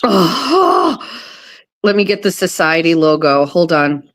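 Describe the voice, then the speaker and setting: Chatting casually on a live stream from her kitchen table, a woman swears excitably, gasping and laughing often. Her voice is fairly low and her pace slow.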